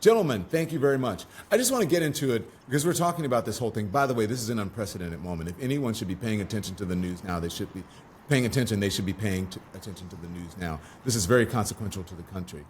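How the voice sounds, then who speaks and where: Brief: lively male talk-show host. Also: fairly low pitch, very fast, few pauses, a little hiss or hum. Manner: animated, with wry asides. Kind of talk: casual interview talk.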